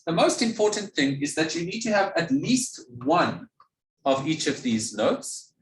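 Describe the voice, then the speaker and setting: A man's voice: a little high, sing-song, measured pace. A man giving a music theory lecture, patiently asking questions and answering them himself. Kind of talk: classroom lecture. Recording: echoey room, mic at a distance.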